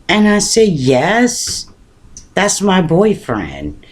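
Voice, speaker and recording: A woman's voice: fairly low pitch, huge pitch swings. A middle-aged woman casually telling a personal story on her vlog, often stopping to repeat words as she looks for them. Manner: halting, repeats words while searching for them. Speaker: vlogger.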